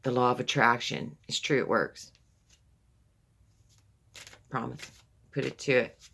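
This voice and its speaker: This woman's voice is very deep, gravelly and a bit bright, and she takes her time. She's a tarot reader in a relaxed, loving mood who keeps saying "baby," repeats herself and starts over as she rambles, with slight background noise behind her.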